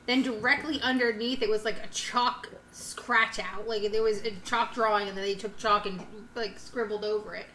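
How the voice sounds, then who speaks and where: A woman's voice: medium pitch, steady tone, normal speed, hardly any pauses, sharp tone. A woman hosting a casual podcast, chatty and laughing often. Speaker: podcast host. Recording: echoey room, faint noise.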